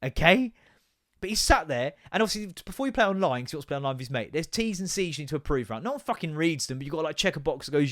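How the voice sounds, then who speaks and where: A man's voice: a little high, sing-song, fast talker. A man, a podcast host telling an exasperated, sweary story about his kids. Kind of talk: casual ranting monologue.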